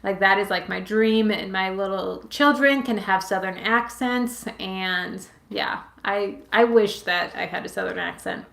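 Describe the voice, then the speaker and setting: Woman, late twenties, from Massachusetts, casual live Q&A host, rambling with fillers, mid pitch, echoey room. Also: a little slow, vocal fry, hardly any pauses, a bit bright. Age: 20s. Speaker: channel host answering viewer questions. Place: at home with her pets nearby. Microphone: webcam or phone on a livestream.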